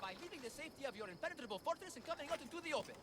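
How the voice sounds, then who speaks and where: A man's voice: very high voice, lively intonation, rapid-fire, very noisy. An actor playing a bumbling, cheerful father in a Minotaur costume in a video game, with an eager, theatrical manner. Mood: taunting. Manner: theatrical, eager, boastful roaring. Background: game music.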